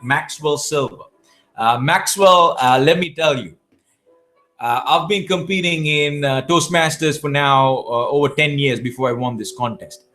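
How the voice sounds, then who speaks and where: A man's voice: fairly high pitch, a bit bright. A man from Asia, answering viewer questions in a live Q&A, giving emphatic coaching advice and often restarting his words. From South Asia. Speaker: public speaking champion answering viewer questions.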